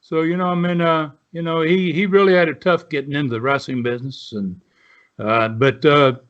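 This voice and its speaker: A man's voice: on the high side, steady tone, normal speed, a bit bright, lo-fi sound. A man in his seventies, a retired wrestler, telling rambling stories with many fillers. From southern United States. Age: 70s. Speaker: guest, retired pro wrestler. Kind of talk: casual storytelling.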